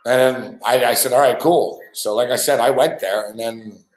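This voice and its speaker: A man's voice: mid-range voice, steady tone, moderate pace. A man with a mid-range voice tells a long, loose story as a sports talk host. He swears freely and circles back on himself. The room around him sounds echoey. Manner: profane, rambling, laughs a lot. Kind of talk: casual storytelling chat.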